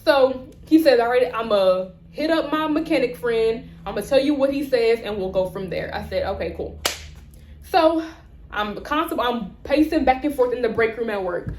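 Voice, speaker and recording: A woman's voice: fairly high pitch, normal speed, roomy sound, a little hiss or hum. A young woman vlogger telling a rant-style story, acting out the people in it. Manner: animated, acts out both sides of conversations.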